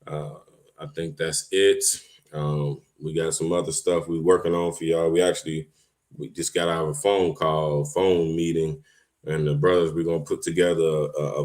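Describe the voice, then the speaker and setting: A man with a deep, low voice hosts a casual livestream from his home computer. He talks loosely and informally, drops in slang and laughs often as he goes. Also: little pitch movement, normal speed, darkish tone. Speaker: online livestream host.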